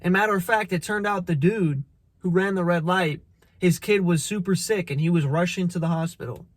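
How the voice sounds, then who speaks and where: A man with a high-pitched voice delivers a casual motivational monologue, blunt and full of swearing. He preaches straight at the listener, repeats his points and trips over restarts. The recording is close and dry, with no room sound. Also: brisk, dry recording. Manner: repeats phrases, stumbles on restarts. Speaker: motivational vlogger.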